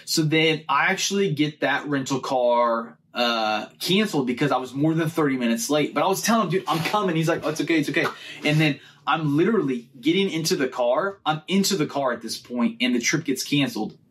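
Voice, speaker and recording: A man with a slightly high voice tells a long story on a podcast in a casual, animated way. He laughs at his own bad luck as he goes. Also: fairly quick, few pauses. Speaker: podcast host.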